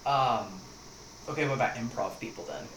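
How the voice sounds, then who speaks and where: A man's voice: mid-range voice, normal speed. A young man hosting a casual podcast chat, telling stories and acting out the quotes. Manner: animated storyteller, acts out quotes. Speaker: podcast host. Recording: echoey room with noise.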